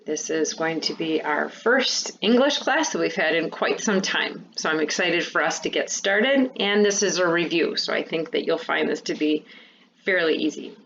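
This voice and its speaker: A woman teacher giving a remote lesson to fifth and sixth graders, explaining patiently and clearly. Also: sits low, normal speed, fairly bright tone, lo-fi sound, slight background noise.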